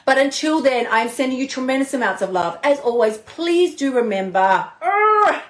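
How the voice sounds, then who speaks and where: Lively, echoey woman coaching live. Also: high voice, normal speed. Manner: animated, playful, swears casually. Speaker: podcast host and diet coach. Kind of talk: live motivational talk.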